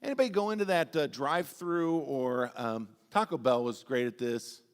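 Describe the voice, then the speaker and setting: A man preaching a sermon as pastor, telling animated, humorous stories with big swings in his voice. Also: medium pitch, moderate pace, smooth. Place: church sanctuary. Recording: long church-hall reverb.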